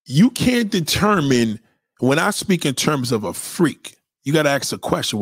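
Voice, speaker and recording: A man's voice: fairly high pitch, sing-song, normal speed, breathy edge, no room sound, clean studio sound. A man hosting a livestream, ranting in a crude, profane, emphatic and repetitive way. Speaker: livestream host. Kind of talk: unscripted livestream rant.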